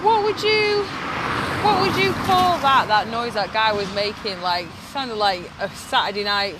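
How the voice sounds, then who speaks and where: In an angry vlog, a woman speaking for animal rights rants indignantly and emphatically, hammering her points over and over. Her voice is on the high side and animated, at a measured pace, with faint street noise in the background.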